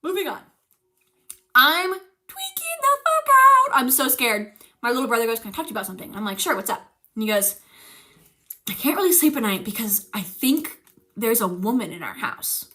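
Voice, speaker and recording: A young woman streamer telling a frightening story in casual chat, animated and swearing, teary-eyed as she talks. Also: fairly high pitch, quick pace. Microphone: streaming mic.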